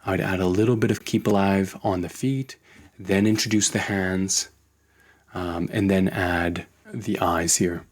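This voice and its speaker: A man teaching animation in a screen-recorded tutorial, relaxed and thinking aloud as he works. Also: low-pitched, unhurried. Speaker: animation instructor.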